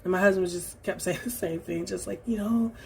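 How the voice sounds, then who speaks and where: A woman talking through her recent reading in a casual vlog, reflective and halting, with many fillers and restarts. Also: medium pitch, creaky, slight background noise. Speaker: book vlogger. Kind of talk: casual book review vlog.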